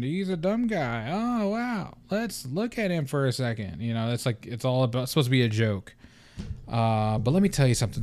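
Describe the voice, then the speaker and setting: A young man hosting a casual solo podcast, venting in an animated, profane way and slipping into mock voices. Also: mid-range voice, dry recording. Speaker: podcast host.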